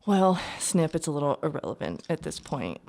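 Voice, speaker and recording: A woman voicing a cruel, smooth-talking noble lady villain in a tabletop role-play, falsely sweet and taunting. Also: deep voice, big pitch swings, normal speed, darkish tone. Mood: menacing sweet. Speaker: tabletop game player.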